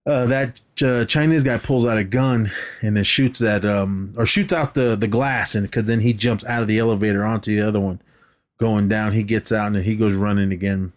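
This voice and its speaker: On a podcast, a co-host with a voice on the low side and a moderate pace casually goes through a movie scene by scene. Laughing often and swearing freely, he acts out lines in an animated retelling.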